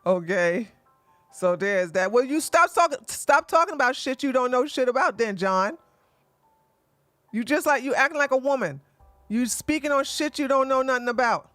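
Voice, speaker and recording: A man's voice: extremely high pitch, animated, normal speed, bright, forceful tone, dry recording. Streamer host, male: heated profane rant, mocking repeats, dry room, light music bed. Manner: repeats lines for emphasis, laughs scornfully. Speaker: livestream host. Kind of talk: livestream commentary rant.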